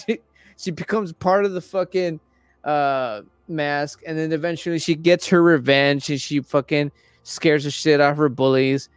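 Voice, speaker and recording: A young man in casual chat, rambling and swearing a lot while retelling a story with animated energy. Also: fairly high pitch, normal speed, clean tone, no echo. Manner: acts out quoted characters in raised voices. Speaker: podcast host.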